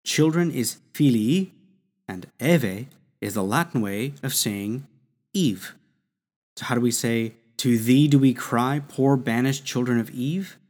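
Male teacher, mid pitch, very slow and patient, walks through Latin words one at a time. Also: darkish tone. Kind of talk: slow explanatory lesson.

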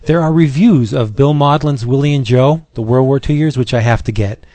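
A man's voice: medium pitch, moderate pace, warm tone, dry recording. A man hosting a casual podcast chat, talking enthusiastically about comics. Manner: enthusiastic, chatty. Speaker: podcast host reviewing comics.

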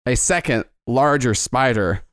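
A man's voice: medium pitch, lively intonation, measured pace, a bit bright, slight background noise. A man narrating as game master, rambling and often breaking into giggles.

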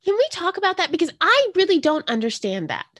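A woman's voice: extremely high pitch, very animated, fast talker, fairly bright tone. A woman co-hosting a podcast, curious and full of questions, telling stories from her own life. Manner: curious, asks questions, tells anecdotes. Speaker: podcast co-host. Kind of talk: casual podcast chat.

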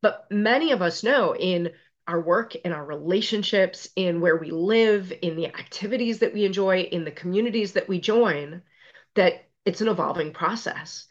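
A woman physician and resilience expert, a podcast guest telling stories in an animated, wry, self-deprecating way. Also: fairly low pitch, moderate pace, highs cut off. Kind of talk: conversational podcast interview.

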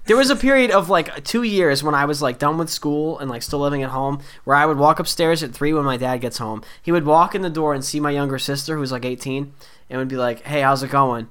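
A man with a slightly high voice tells family stories in loose, profane chat. He swears freely and jumps into his parents' voices, full of comic exasperation. It all sounds like friends laughing around a table. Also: fast, smooth. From Irish Catholic family. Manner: profane, animated storytelling with quoted voices. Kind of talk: casual chat.

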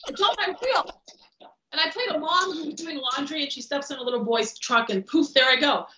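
Stunt woman guest, slightly high voice, animated, salty, recorded in an echoey room. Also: brisk. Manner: animated, acts out quotes, swears freely. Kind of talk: casual podcast storytelling. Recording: roomy, dull lo-fi podcast audio.

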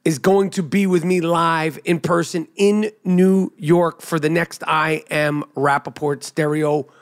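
Brash high-voiced podcast host man. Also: a little slow. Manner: brash, profane, animated riffing. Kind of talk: casual basketball commentary monologue.

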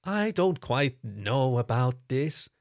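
A man's voice: mid-range voice, sing-song, slow pace, no room sound, clean studio sound. A man voicing a playful young female fox spirit in a story reading, raising his voice to sound teasing and flustered. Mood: startled. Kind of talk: audiobook character voice.

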